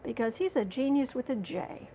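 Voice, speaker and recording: A woman's voice: high-pitched, lively intonation, normal speed, mellow, slight background noise. A woman hosting a livestream as a tarot reader, chatting casually and sarcastically while reading out viewer comments.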